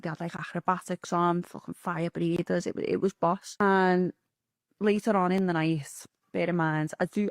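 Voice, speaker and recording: A woman with a Liverpool accent telling a story casually, animated and full of swearing. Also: low-pitched, creaky, no echo, studio quality. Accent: Liverpool (Scouse). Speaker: interview guest telling a story.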